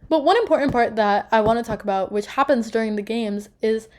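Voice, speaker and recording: Young woman gushing about a book, a bit high-pitched, lots of likes. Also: brisk, hardly any pauses. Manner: animated, gushing, many filler "like"s. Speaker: book reviewer. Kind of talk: casual book review chat.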